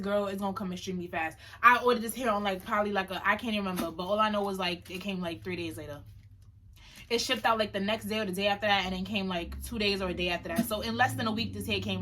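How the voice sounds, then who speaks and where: A young woman, chatting through a casual unboxing vlog in a slangy, animated storytelling manner. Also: mid-range voice. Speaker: beauty vlogger.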